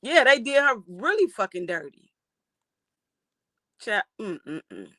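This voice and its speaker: A livestream host reacting to a case and reading out chat comments, animated and outraged, swearing freely. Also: mid-range voice, measured pace, dry recording.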